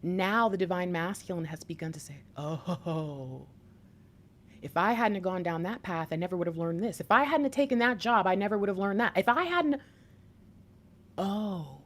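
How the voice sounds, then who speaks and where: A woman giving a tarot reading to her viewers, excitable, breaking into laughs and whispers as she talks straight to them. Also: on the low side, quick pace, few pauses. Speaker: tarot reader.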